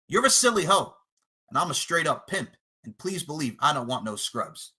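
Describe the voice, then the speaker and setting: Man, wrestling trash-talk promo, boastful, taunting, profane, bright sharp tone, lively pitch. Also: normal speed. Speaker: wrestling podcast personality.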